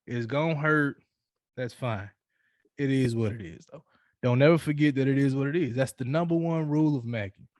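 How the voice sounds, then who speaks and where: A man in relaxed conversation, preaching his rules with loose, profane storytelling and constant restarts. His voice sits at an ordinary pitch. The recording is dry and close. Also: moderate pace, no room sound. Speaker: podcast co-host. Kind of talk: casual chat giving advice.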